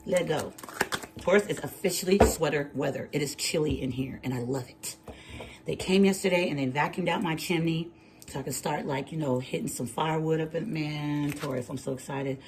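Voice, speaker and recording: A woman tarot reader chatting casually and telling an animated story, laughing and using slang. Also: sits low, normal speed, slight background noise. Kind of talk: casual chat. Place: home kitchen, early morning.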